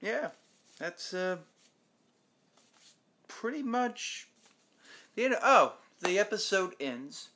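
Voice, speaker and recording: Bright-voiced man recapping a TV episode. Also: a little high, creaky. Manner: rambling retelling, acting out quoted lines. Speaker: TV show reviewer host.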